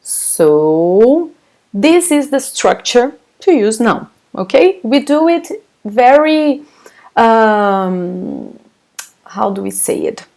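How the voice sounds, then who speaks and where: In a live online class, a Brazilian woman with a Brazilian Portuguese accent teaches her native language in English, patiently explaining and answering chat questions. Her voice is a little high and warm, very animated, and she takes things slowly.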